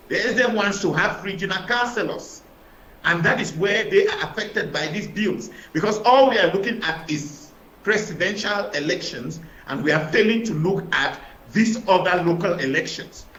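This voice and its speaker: A man with a Cameroonian English accent arguing as a panelist in a studio debate, emphatic and halting, repeating words and filling pauses. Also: sits high, a bit bright, echoey room, rough recording. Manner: emphatic, repeats words while searching, many fillers. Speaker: opposition party panelist.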